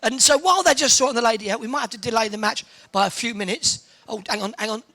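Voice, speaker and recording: A man hosting a bowls event, teasing the crowd with quick cheeky one-liners over a handheld microphone in a large indoor arena. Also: very high voice, sharp tone. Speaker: arena host entertaining the crowd.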